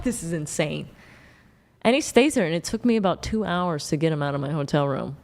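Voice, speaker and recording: A woman's voice: low-pitched, normal speed. A young woman from Oklahoma, a guest on a dating talk show, telling a story bluntly with lots of swearing. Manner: blunt, profane, animated storytelling.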